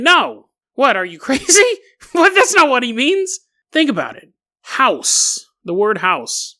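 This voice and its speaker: A man hosting a comedic podcast monologue, talking in an animated, mocking way and laughing often as he reads. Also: very high-pitched, a little slow. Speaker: podcast host.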